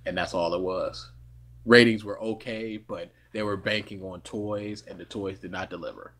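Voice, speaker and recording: A man's voice: lowish voice, fairly even intonation, normal speed, a bit bright. A man co-hosting a casual podcast chat, blunt and matter-of-fact. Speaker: podcast co-host.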